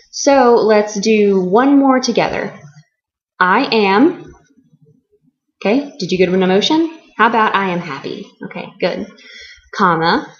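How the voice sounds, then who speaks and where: A young woman teaching an ESL lesson, explaining slowly and clearly and drawing out key words for learners. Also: mid-range voice. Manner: slow and deliberate, stretching key words for learners. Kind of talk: slow, clear classroom explanation. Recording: slightly muffled lo-fi recording.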